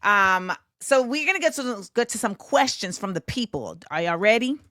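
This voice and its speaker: A woman hosting a casual interview show, talking in a lively, slangy way and reading audience questions. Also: medium pitch, moderate pace, no echo, studio quality. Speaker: host.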